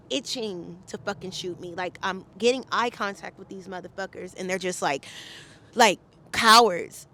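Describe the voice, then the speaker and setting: A woman's voice: medium pitch, pushed and bright. A woman from the Bay Area, a podcast guest, recounting a story in an emphatic, profane, heated way. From San Francisco Bay Area. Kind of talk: casual storytelling interview.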